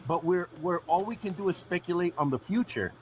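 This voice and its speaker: A man's voice: high-pitched, animated, brisk, a little hiss or hum, rough recording. Probing podcast host man, restarting sentences. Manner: probing, repeats himself, restarts. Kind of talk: live podcast discussion.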